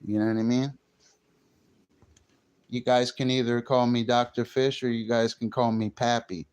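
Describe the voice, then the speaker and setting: A man's voice: mid-range voice, little pitch movement, moderate pace, a little mellow, clear, resonant tone. A man livestreaming, chatting brashly and jokingly straight to his viewers with plenty of slang. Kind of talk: casual livestream chat.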